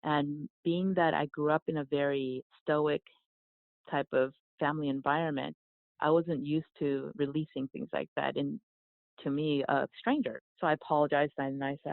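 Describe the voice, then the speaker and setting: A woman who grew up in South Korea, a yoga teacher and guest, telling a personal story in a soft, reflective way with frequent restarts. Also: low-pitched, steady tone, moderate pace, gravelly, no echo. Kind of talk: conversational storytelling. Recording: dry, phone-like remote line.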